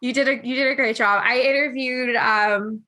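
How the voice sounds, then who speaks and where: A woman hosting a casual interview over a video call, chatty and rambling, quick to laugh. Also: high-pitched, fairly even intonation, pushed and bright, slight background noise. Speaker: podcast host.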